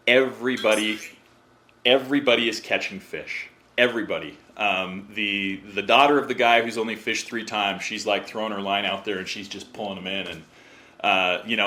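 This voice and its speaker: A man who is a podcast guest, telling a story in a casual, animated way and acting out what others said. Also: fairly low pitch. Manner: animated, acts out quotes in other voices.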